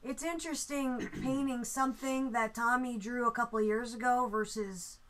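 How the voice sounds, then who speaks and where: A young woman hosting a live painting stream, chatting casually while she works, joking, swearing freely and mimicking people in quick asides. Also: a little high, fairly even intonation, a bit bright.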